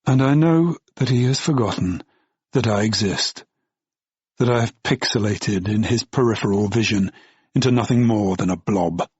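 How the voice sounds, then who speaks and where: Husky, brooding male audiobook narrator. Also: on the low side, moderate pace, darkish tone, no echo, highs cut off. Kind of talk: first-person audiobook narration.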